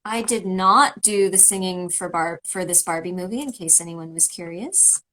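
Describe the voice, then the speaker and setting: A woman's voice: lowish voice, moderate pace, sharp tone, rough recording. A woman from Canada chatting casually on a livestream, joining over a video call and rambling a little with fillers. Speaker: voice actor signing autographs on a livestream. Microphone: remote video call.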